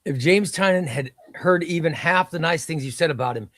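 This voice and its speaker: A man's voice: fairly high pitch, normal speed, fairly bright tone, no echo, clean studio sound. A man hosting a live stream, chatting about comics, reading chat aloud and repeating himself.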